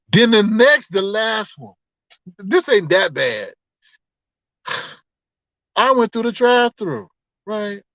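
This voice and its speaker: A man hosting a casual livestream, reading the chat and telling stories in an animated, exclamatory way, often laughing. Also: high voice, no room sound. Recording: dull, slightly lo-fi, dry sound.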